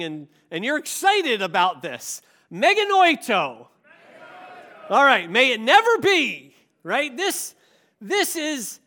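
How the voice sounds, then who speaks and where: Male pastor, high lively delivery, emphatic preaching, gets the room to repeat after him. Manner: animated, emphatic, leads the congregation in call-and-response. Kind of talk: sermon.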